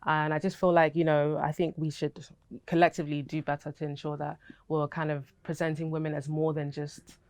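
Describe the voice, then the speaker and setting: A woman's voice: deep voice, darkish tone, smooth. A young woman with a British accent, an actress answering interview questions in a candid, chatty way and laughing easily.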